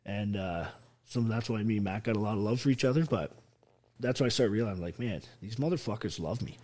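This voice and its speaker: A man's voice: on the low side, lively intonation, fast, darkish tone. An army veteran telling his story as an interview guest, blunt and full of swearing. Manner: blunt, heavily profane, emphatic.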